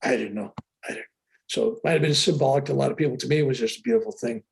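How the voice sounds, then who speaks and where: An older man telling a story with animated excitement as an interview guest on a video call. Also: mid-range voice, very fast, gravelly. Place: room with a sheetrock wall.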